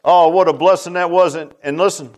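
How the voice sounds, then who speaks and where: Older guy preaching, folksy and rambly, keeps saying man, swings loud and soft. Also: a little high, steady tone, brisk. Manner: folksy, repetitive, lots of "man" and "I said". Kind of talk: storytelling sermon.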